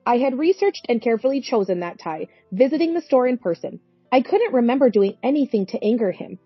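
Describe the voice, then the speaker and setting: Husky woman narrating a story. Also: a little high, expressive, a little fast, dry recording, soft background music. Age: 40s. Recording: dry, dull lo-fi recording.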